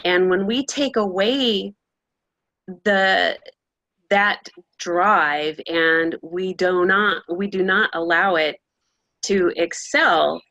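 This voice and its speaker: Slow, deliberate woman with a bright voice. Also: lowish voice, no room sound. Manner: slow, deliberate, searching for words. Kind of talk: talk show discussion.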